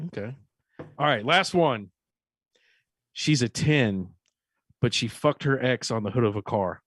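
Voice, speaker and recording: A man's voice: medium pitch, lively intonation, measured pace, a bit bright, no room sound. A man co-hosting a podcast, telling dry jokes in casual banter. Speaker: podcast co-host.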